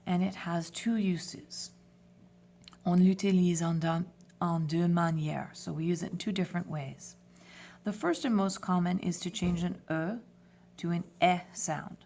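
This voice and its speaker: A woman teaching a lesson, speaking clearly and patiently and spelling words out letter by letter. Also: fairly low pitch, a little mellow, a little hiss or hum. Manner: switches between French and English phrases. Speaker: French teacher. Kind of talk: classroom lesson video.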